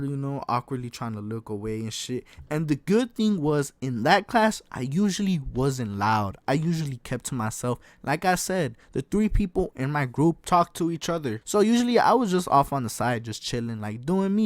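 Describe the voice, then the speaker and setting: Slangy young man, slightly high voice. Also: normal speed, no room sound. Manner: slangy, profane, addresses listeners as folks; animated, swings between hushed and excited. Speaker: storytime vlogger. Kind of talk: casual storytime.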